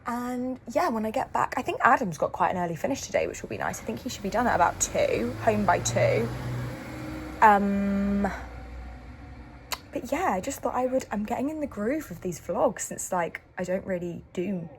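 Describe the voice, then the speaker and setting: A young woman talks to a handheld camera at home in a loose, rambling vlog style, filling gaps with ums and small laughs. Her voice sits at a middle pitch for a woman. A faint hiss runs under the recording. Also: sing-song, normal speed. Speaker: vlogger. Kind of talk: casual chat.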